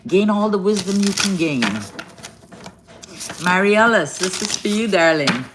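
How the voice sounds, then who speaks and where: A woman's voice: medium pitch, animated, normal speed, noisy background. A woman giving an affectionate live-stream card reading from a hotel room, greeting viewers as darling and baby and laughing often. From Guyana.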